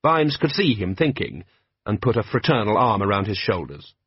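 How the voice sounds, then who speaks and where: Brief: male audiobook narrator, wry, husky, dull dry sound. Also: on the low side, very animated, moderate pace, no room sound. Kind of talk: scripted narration.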